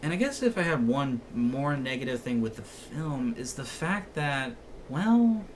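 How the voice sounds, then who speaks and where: A young man talks through a movie review in an easygoing, rambling way, padding his sentences with filler. His voice sits in an ordinary middle pitch. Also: big pitch swings, unhurried, slight background noise. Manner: rambling, heavy on fillers like "and such". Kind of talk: casual spoken review.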